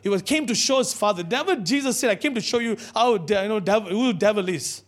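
Male preacher, high voice, animated sermon, call-and-response with the congregation, church setting. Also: quick pace.

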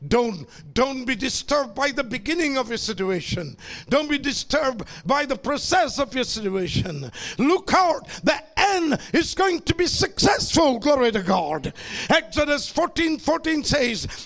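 Male preacher, very high pitch, fervent and repetitive, shouts often, calls to the congregation. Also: sing-song, a little slow. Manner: impassioned preaching that swings into shouting; repeats phrases and calls out to the congregation. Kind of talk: sermon.

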